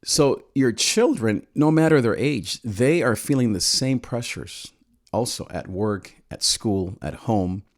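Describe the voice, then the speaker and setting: A man in his forties, a parenting channel host, giving gentle, earnest advice with frequent pauses and restarts. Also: mid-range voice. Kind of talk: reflective advice talk.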